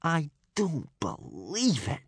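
A man doing a slow, sulky Viking youth. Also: fairly high pitch, wildly swooping pitch, breathy edge, no echo, studio quality, voice pushed up, heavily acted. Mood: grudging. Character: sulky young Viking rival, sly and grudging.

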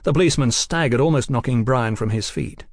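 A man narrating an audiobook in an expressive storytelling manner. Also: medium pitch, a little fast, no echo, studio quality. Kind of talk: scripted narration.

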